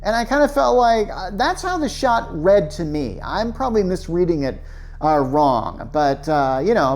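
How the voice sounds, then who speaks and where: A woman's voice: mid-range voice, very animated, moderate pace, darkish tone. A woman giving a casual, sarcastic film review full of rhetorical questions and fillers. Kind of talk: casual rant-style movie review.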